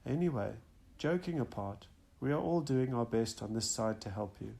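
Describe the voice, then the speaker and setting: A man reading the lines of a gentle, rueful spirit mother consoling her son in an audiobook. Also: mid-range voice, expressive, moderate pace, vocal fry.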